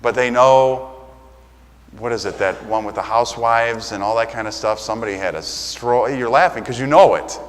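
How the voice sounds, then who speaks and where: A man's voice: mid-range voice, moderate pace, slight background noise. A man delivers a sermon from the pulpit in an easy, conversational way, slipping into little acted-out dialogues. His mid-range voice rings out with a long church reverb around it. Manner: conversational, acts out quoted exchanges. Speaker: pastor.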